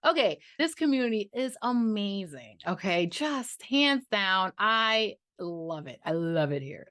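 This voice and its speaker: Chatty, gushing woman vlogger, slow and dry. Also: mid-range voice, sing-song, fairly bright tone, no echo. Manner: chatty and gushing, trailing off, with playful sung interjections. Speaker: budgeting vlogger. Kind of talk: casual chat to camera.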